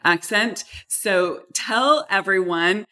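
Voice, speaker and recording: A woman's voice: medium pitch, slow, sharp tone. A woman hosting a podcast interview, talking with enthusiasm and often repeating words. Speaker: podcast host.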